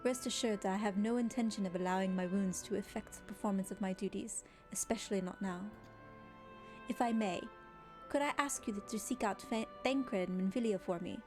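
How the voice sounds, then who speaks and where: A woman's voice: mid-range voice, fairly even intonation, brisk, mellow, faint music behind, close to an everyday voice. A woman reading out the lines of a polite, dutiful guard captain from a video game in a put-on formal manner. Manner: polite, formal, read aloud.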